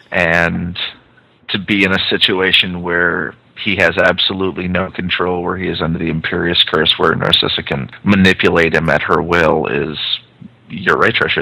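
A man with a deep, gravelly voice talks through a story on a podcast, thoughtful and a little wry. His tone is bright and edgy, and the sound is dry and close. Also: dry recording, low-quality recording. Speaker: podcast co-host, fan fiction author. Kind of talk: casual discussion.

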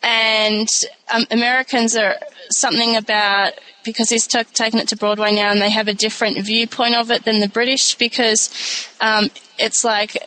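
A woman's voice: fairly high pitch, level tone, moderate pace, sharp tone, slight background noise, low-quality recording. A woman chatting casually on a podcast, recounting something loosely. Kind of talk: casual chat.

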